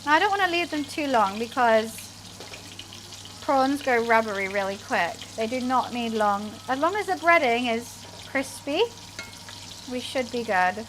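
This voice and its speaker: A woman's slightly high, expressive voice comes through unhurried. She's streaming herself cooking at home, chatting in a relaxed way with her chat and making jokes at her own expense. Behind her, something faintly sizzles in a frying pan.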